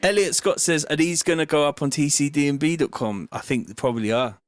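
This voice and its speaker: With a brisk, slightly high voice, a man from Bristol, England, hosts a music-making livestream, the track faintly heard in the background. He chats loosely, swears, rambles and reads out what viewers write.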